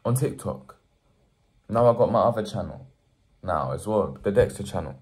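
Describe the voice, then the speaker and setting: A man's voice: on the low side, lively intonation, moderate pace, a little mellow. A young man talking straight to the camera in an earnest motivational vlog, preaching hard work and building to emphatic pushes. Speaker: motivational vlogger. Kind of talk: direct-to-camera motivational talk.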